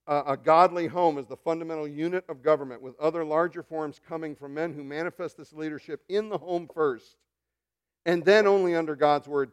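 A man preaching a sermon as pastor, dropping to hushed murmurs and rising to loud, animated preaching, with joking asides to the congregation. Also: on the high side, clean tone.

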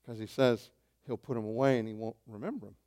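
A man preaching a sermon as pastor, animated, swinging between loud bursts and hushed asides, calling his listeners saints. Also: mid-range voice, fast talker. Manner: addresses listeners as saints, asks questions.

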